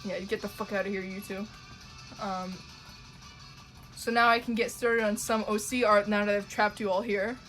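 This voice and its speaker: A woman's voice: medium pitch, little pitch movement, moderate pace, pauses often, fairly bright tone, faint music behind. A young woman from Canada streaming from home while she draws, chatting with her viewers in a loose, profane, rambling way with frequent laughs. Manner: chatty, profane, laughs often, trails off with ums. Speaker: livestreamer drawing and reading chat. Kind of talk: casual chat.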